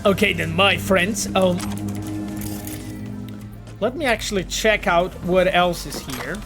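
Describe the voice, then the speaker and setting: Excitable Polish man streaming a game. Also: high-pitched, slow, music in the background. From Poland. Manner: excitable, swears freely, calls chat his friends. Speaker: game developer streaming a playthrough. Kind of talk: casual streaming commentary.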